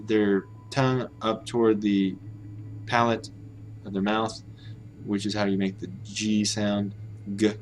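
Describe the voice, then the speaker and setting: A man's voice: lowish voice, darkish tone, a little hiss or hum. American man musing aloud on stream. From United States. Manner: musing aloud, hesitant, self-correcting. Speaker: language-learning streamer. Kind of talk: casual live-stream commentary.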